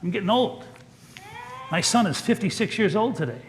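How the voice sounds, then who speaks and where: A tired, crabby older churchgoing woman, as a pastor puts her on in a sermon. The voice sits a little higher than usual and has a fretful, complaining edge. Faint room noise is heard behind. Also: lively intonation, moderate pace.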